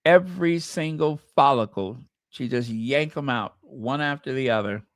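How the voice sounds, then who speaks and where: A man's voice: mid-range voice, moderate pace, no echo, studio quality. A man from the United States hosting his channel, giving sassy, mocking casual commentary. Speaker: channel host.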